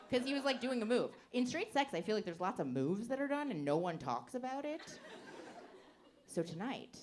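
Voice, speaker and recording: A woman's voice: mid-range voice, sing-song, moderate pace. A young woman performing a stand-up comedy set on a club stage into a handheld mic, rambling with lots of filler words and frequent giggles.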